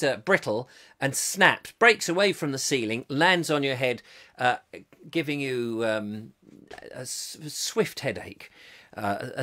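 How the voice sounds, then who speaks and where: A man's voice: medium pitch, fairly bright tone. A man hosting a comic live chat show, rambling in a jokey way and reading out viewer comments as they come in. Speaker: host.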